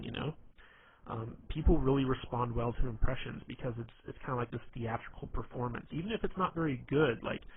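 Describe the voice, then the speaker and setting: A man giving casual advice on being funny, rambling and packing his talk with fillers like "you know". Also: mid-range voice. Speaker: dating and humor advice presenter. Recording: tinny phone-like line, faint hiss.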